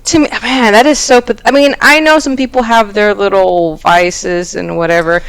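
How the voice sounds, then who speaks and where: A woman's voice: medium pitch, fairly even intonation, normal speed, clear, resonant tone, poor audio. A young adult woman hosting a casual chat about online stories, joking and often restarting her sentences. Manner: chatty, joking, with frequent restarts. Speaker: host.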